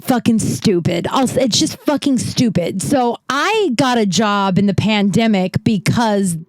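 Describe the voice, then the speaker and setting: A woman's voice: medium pitch, animated, unhurried, a little mellow, no echo. A woman in her thirties hosting a casual solo podcast, rambling and swearing with self-deprecating humor. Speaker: podcast host.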